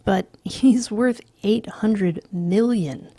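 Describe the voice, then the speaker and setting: A woman's voice: medium pitch, lively intonation, takes it slowly, darkish tone, breathy edge, no echo, full character voice. A woman doing a crude blustery young yuppie.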